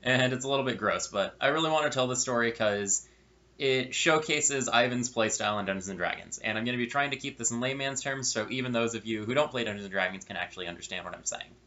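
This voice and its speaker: Bright-voiced man telling a story, lo-fi. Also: mid-range voice, quick pace. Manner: animated, wry asides, growing louder. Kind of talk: casual story narration. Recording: dull lo-fi recording.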